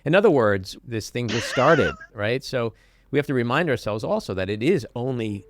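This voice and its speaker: A man's voice: mid-range voice, lively intonation, normal speed, no room sound. A man hosting a talk show, asking wry, incredulous questions in conversation with a guest. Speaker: podcast host. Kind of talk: conversational interview.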